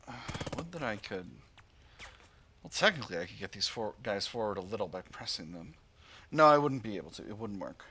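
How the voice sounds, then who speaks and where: Casual game commentator, male, lively pitch, thinks aloud with filler words. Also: fairly quick, slight background noise. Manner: thinks aloud, reads game text aloud with hesitations. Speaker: gaming channel host.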